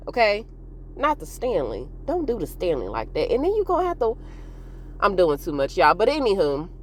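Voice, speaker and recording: A woman hosting a casual TV recap, chatty and expressive, laughing often and talking straight to her viewers. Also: mid-range voice. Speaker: TV recap host.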